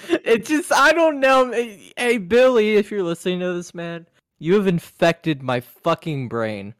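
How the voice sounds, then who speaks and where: A man's voice: high voice, animated, a little slow, fairly bright tone. A man co-hosting a podcast in casual chat, laughing often and swearing playfully. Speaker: podcast co-host.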